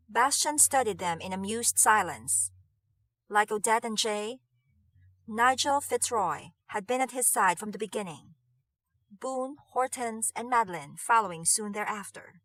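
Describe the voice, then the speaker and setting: Bright-voiced woman reading an audiobook. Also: on the high side, no room sound. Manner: measured and expressive. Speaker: audiobook reader. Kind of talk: audiobook narration.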